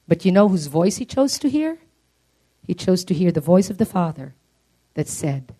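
A woman preaches, her voice sitting at a middle pitch in ordinary stretches. She climbs to high, emphatic peaks to drive her points home and repeats words for emphasis. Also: very animated, moderate pace, mellow. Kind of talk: sermon.

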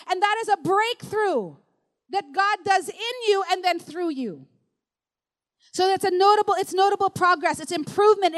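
High-voiced woman preaching a sermon. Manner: emphatic, repetitive preaching with rising declarations. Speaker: pastor.

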